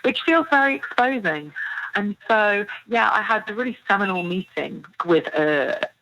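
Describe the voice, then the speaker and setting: A woman's voice: mid-range voice, expressive, moderate pace, a bit bright, poor audio. A British woman in her thirties, an author guest chatting animatedly in an interview, laughing often and filling with "you know". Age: 30s. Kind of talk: casual interview chat.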